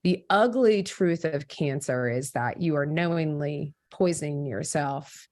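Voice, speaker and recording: A woman co-hosts a podcast interview in a fairly low voice. She asks questions in a chatty way, often restarting her sentences mid-thought. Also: unhurried, a little mellow. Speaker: podcast co-host. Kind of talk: conversational interview.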